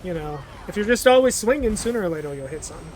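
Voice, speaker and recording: A man's voice: high voice, expressive, very fast, a little mellow, slight background noise. A man giving casual let's play commentary as he games, talking to himself in a jokey, self-mocking way.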